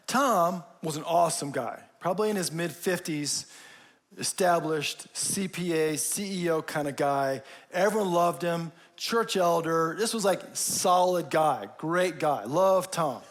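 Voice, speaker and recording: A man in his forties giving a sermon, telling a personal story, often dropping to a soft low voice for emphasis. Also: measured pace. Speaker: pastor.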